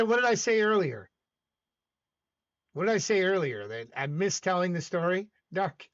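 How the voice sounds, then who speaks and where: Hosting a casual livestream, a Southern American man with a high, bright voice rambles, answers his chat, and argues with viewers. His pitch swings widely, and the lo-fi stream audio sounds a bit dull.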